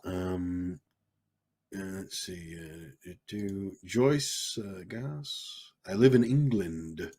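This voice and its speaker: This young South Carolinian speaks in a deep baritone with a Southern American accent, drawing out his words in a darkish tone. Chatting casually on a live stream, he reads the chat aloud, rambles, and laughs softly again and again.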